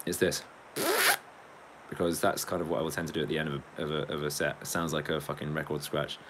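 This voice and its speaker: A man's voice: a bass voice, level tone, fast, fairly bright tone, a little hiss or hum. A man and beatboxer chatting casually on a live stream. He rambles, jokes, swears freely and often breaks into laughter. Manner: rambling, jokey, swears a lot, cracks up laughing.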